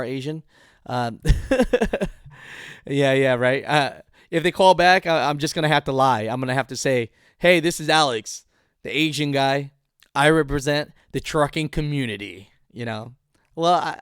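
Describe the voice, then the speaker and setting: A man's voice: mid-range voice, clean tone, no room sound, studio quality. A man hosting a live trucking call-in show, talking loosely and laughing often. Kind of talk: casual live-stream talk.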